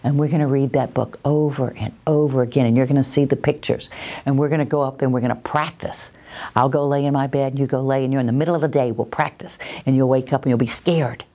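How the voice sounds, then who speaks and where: A woman, a parenting educator giving a calm, reassuring talk that answers questions and acts out little scenes. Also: rumbling low, fast. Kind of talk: teaching talk, Q&A.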